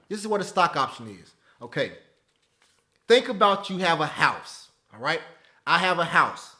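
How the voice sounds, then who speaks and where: A man in his thirties leads a live online class in an animated, preachy manner, repeating his phrases and checking in with "okay?". His voice sits a little high for a man and sounds bright and forceful. He talks into a webcam mic. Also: normal speed. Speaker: webinar host teaching stock options. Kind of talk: live webinar talk, motivational.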